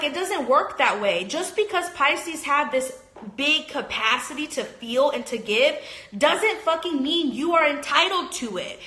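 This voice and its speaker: Woman astrologer, phone livestream rant: high and bright, emphatic, swearing, echoey room. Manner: passionate, emphatic, swears, heavy use of "like".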